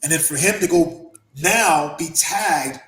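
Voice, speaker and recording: Lively guy telling a story on a podcast, a bit high voice, echoey room. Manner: animated, quick bursts, acts out quotes. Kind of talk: casual storytelling.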